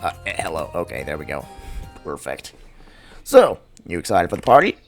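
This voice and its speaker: A man's voice: low voice, wildly swooping pitch, moderate pace, soft background music, voice pushed down, heavily acted. A man reading the lines of a cheerful male party organizer who gives upbeat orders. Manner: upbeat, bossy reading of game dialogue.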